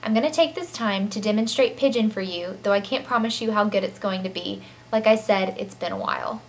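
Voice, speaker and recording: A woman's voice: medium pitch, brisk, slight background noise. A young woman presenting a personal class project in upbeat, earnest scripted narration. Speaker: student presenter.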